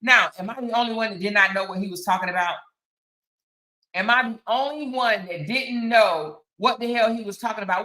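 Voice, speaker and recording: A woman's voice: medium pitch, a little fast, sharp tone, reverberant. A woman, hosting a casual live stream, chatting straight to her viewers and reading out their comments. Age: 50s. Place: on the outskirts of Houston, Texas.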